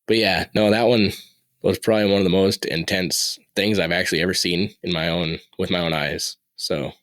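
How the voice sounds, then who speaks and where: Low-voiced man telling a story. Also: a little fast, no echo. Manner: animated, rising in pitch at tense moments. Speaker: podcast guest. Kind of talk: casual storytelling.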